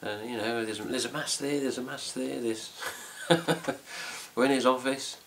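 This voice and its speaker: A man's voice: medium pitch, steady tone, a little slow, vocal fry, fairly bright tone, a little hiss or hum. A middle-aged man with an English accent, rambling casually to camera at home as host of a fan news video, swearing lightly as he goes. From England. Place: home room with cats.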